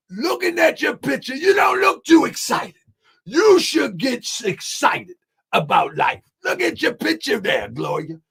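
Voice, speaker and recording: A man hosting a livestream. He talks loudly and with animation, laughs often, and reads out and answers viewer comments. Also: very high voice, creaky, breathy edge. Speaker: channel host.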